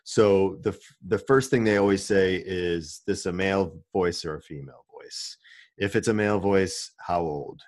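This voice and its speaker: A man who works as a commercial producer and voice-over artist, explaining his work in a relaxed, casual interview. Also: sits low, moderate pace, dry recording. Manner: relaxed, explanatory, many restarts.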